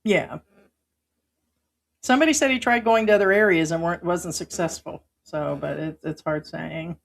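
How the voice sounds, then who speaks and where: A woman's voice: on the low side, moderate pace, gravelly. A woman hosting a livestream who reads viewer comments aloud and answers them in an emphatic, indignant way. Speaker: livestream host. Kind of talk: live chat commentary.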